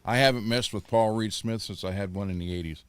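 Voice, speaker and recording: A man co-hosts the livestream in a matter-of-fact, halting way. His voice is low, smooth and resonant. The sound is dry and close. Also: dry recording. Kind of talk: casual livestream chat.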